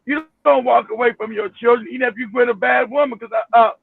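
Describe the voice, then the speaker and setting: A high-voiced man with a rough, husky timbre argues loudly and swears as he talks. He comes through a thin, tinny phone line. He is dry and close, with no room sound. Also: quick pace, no room sound. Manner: animated, profane, emphatic storytelling. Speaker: panel guest. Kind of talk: heated talk-show discussion.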